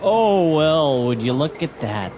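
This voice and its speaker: A man's voice: slow, background noise. A man playing a flustered, apologetic camera store clerk in a scripted learner dialogue, hesitating often. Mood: eager salesman. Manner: hesitant, apologetic, lively pitch. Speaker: actor in a listening dialogue.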